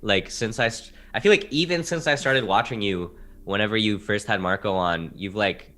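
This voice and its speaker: A man's voice: on the low side, normal speed, a bit bright. A young man appearing as a guest on a casual podcast, talking in a loose, rambling, slangy way. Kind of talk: casual chat.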